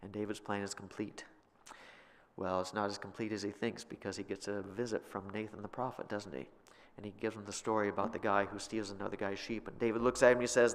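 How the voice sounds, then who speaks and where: A man's voice: fairly low pitch, little pitch movement, a little fast, in a large hall. A man teaching a Bible class, retelling scripture in a casual, conversational way, in a church.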